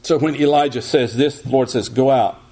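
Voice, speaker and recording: A man teaches through a sermon in a husky, breathy voice. His pitch sits in the middle range, and his delivery is measured, often circling back to restart a phrase. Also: steady tone, warm tone. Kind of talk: expository sermon.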